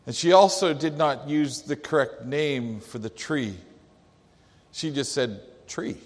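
A man's voice: medium pitch, unhurried. A male pastor preaching a sermon with emphatic delivery, quoting scripture. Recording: long hall reverb.

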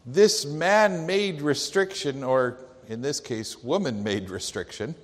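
A man's voice: fairly high pitch, takes it slowly. A male pastor preaching a sermon with emphatic delivery, quoting scripture. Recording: long hall reverb.

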